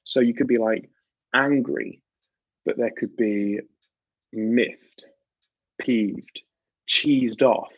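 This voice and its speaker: A man's voice: mid-range voice, drawn-out words, long pauses, slightly rough, dry recording, lo-fi sound. A British man hosting a livestream, chatting casually and animatedly with viewers and laughing often. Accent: British English. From United Kingdom. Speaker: livestream host. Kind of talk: casual chat with live viewers.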